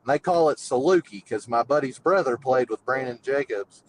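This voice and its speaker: A man's voice: medium pitch, animated, fairly quick, slight background noise, low-quality recording. A man calls in and tells a long, rambling story full of fillers. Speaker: caller. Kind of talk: casual storytelling.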